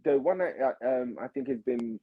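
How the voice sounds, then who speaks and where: A man's voice: mid-range voice, moderate pace, breathy edge, narrow, tinny audio. A young man, chatting animatedly as a podcast guest and calling people mate and bro. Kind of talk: casual chat.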